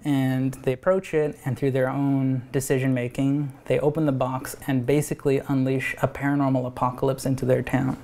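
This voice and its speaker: A man, an animator pitching his own cartoon at a live event, talking in a rambling, animated way with frequent restarts and laughs. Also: brisk, few pauses. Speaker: animator and show creator.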